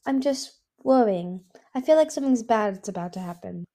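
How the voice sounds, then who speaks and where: A woman voicing a quiet, worried young dragon. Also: a little high, animated. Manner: soft, slow, subdued.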